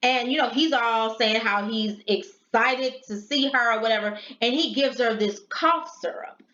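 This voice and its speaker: A woman's voice: on the high side, a little slow. A middle-aged woman telling a story and giving blunt, profane advice in casual vlog talk. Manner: blunt and profane, animated retelling. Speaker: vlogger giving advice to sex workers. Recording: echoey room, dull lo-fi sound.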